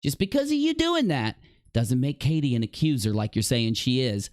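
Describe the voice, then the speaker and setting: A man hosts an online commentary video, mocking and combatively confronting his opponent head-on. His medium-pitched voice is very animated and a little mellow, moving at a normal speed. The studio sound is clean, with no echo.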